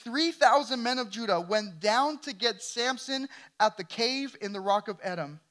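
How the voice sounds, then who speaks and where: Bright-voiced man preaching a sermon. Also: very high-pitched, lively intonation, normal speed. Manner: emphatic, fires questions at the congregation. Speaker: pastor.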